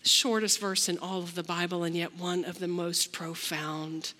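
A woman pastor delivering a slow, reflective sermon, acting out the lines she quotes. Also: lowish voice, flat delivery, pushed and bright, long reverb tail.

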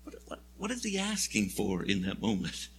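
A man's voice: fairly low pitch, huge pitch swings, moderate pace, background noise. A man preaching a sermon in a church, telling the story in a conversational, wry way. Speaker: pastor. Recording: long hall reverb.

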